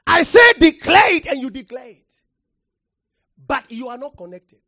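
A preacher giving a sermon, shouting key phrases, then dropping to near quiet and calling on listeners to respond. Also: high voice, big pitch swings, normal speed, dry recording, clean studio sound. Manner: impassioned, shouting for emphasis with sudden drops to quiet; calls for audience response.

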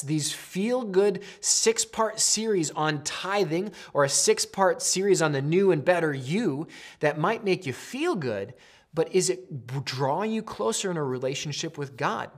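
A man giving an earnest, conversational Bible lesson to camera, often restarting mid-sentence. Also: high-pitched. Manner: conversational, earnest, with frequent restarts and shifting pace. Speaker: Bible teacher. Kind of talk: casual video teaching.

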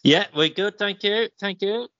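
A man's voice: high-pitched, measured pace, a bit bright, dry recording, muffled recording. A man, a podcast guest, talking in an upbeat and rambling way.

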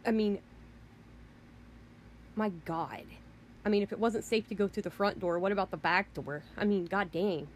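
Woman, vlogger, indignant storytelling rant; mid-pitched, rambling, swears when exasperated. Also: steady tone, fast, hardly any pauses, slight background noise. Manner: indignant, rambling, repeats "you know" and "I mean".

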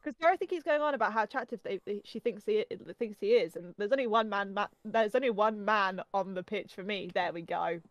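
A woman's voice: medium pitch, no echo. Chatty young Englishwoman, dry close sound. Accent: English, softened Norfolk. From England. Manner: chatty, lots of "like", quick to laugh. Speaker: podcast co-host. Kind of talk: casual podcast chat.

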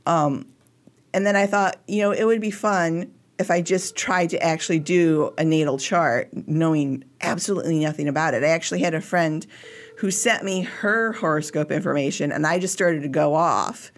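A man's voice: on the high side, moderate pace. A man co-hosting a comedy podcast, rambling and self-deprecating, with casual swearing. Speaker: podcast co-host.

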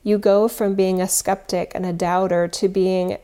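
A woman's voice: mid-range voice, little pitch movement, normal speed, dark tone, clean tone. A woman who leads spiritual retreats, talking casually and earnestly, rambling and correcting herself as she goes. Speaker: spiritual teacher and retreat leader.

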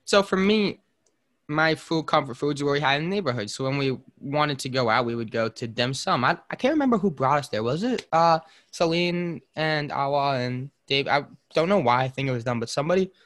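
A man's voice: mid-range voice, expressive, a little fast, fairly bright tone. A man hosting a casual podcast chat, rambling between topics with frequent fillers and restarts. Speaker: podcast host.

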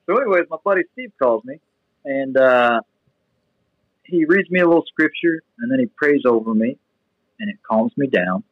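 A young man telling a personal story in a casual, rambling way, full of restarts and fillers, then getting animated as it builds. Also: mid-range voice, moderate pace, pauses often, dry recording, dull audio. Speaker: guest sharing testimony.

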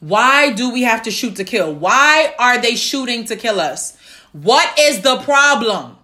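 A woman talking straight to her viewers in an emotional video, close to tears. She speaks slowly, with long deliberate pauses, and her voice is bright and tense. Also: a little high, sing-song. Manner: slow, deliberate reciting with heavy pauses. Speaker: vlogger. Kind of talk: emotional solo video address.

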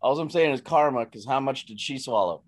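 A man's voice: mid-range voice, animated, fairly quick, dry recording. A man co-hosting a casual podcast, chiming in with short dry, teasing remarks. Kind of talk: casual chat.

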